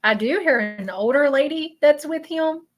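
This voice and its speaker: A woman with a Southern US accent hosting a live stream of spiritual readings, talking in an emotional, halting way that repeats itself. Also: sits high. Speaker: host doing spiritual readings. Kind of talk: live-stream chat with viewers.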